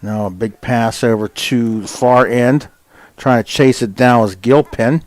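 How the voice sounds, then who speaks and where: A man announces a local soccer match with homespun chatter, pausing for fillers and picking up speed when the play gets close to goal. His voice sits in the middle range. The sound is dry and close to the mic. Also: medium pitch, dry recording. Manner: folksy and chatty, with many fillers, quickening on shots. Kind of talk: casual sports commentary. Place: high school soccer game broadcast.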